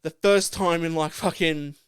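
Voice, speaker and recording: A young man with a fairly high, smooth voice, telling stories over drinks with lots of swearing and animated retelling. The sound is dry and close to the mic. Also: unhurried, no echo. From Australia. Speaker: podcast co-host. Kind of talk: casual chat over drinks.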